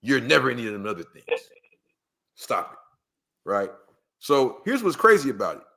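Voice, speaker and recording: A man's voice: mid-range voice, wildly swooping pitch, normal speed, vocal fry, bright, forceful tone. A man from Los Angeles telling a story in casual conversation, acting out the voices of the people in it, full of slang and asides. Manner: acts out quoted voices, slang-heavy, rhetorical asides. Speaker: guest storyteller. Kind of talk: animated storytelling in casual chat.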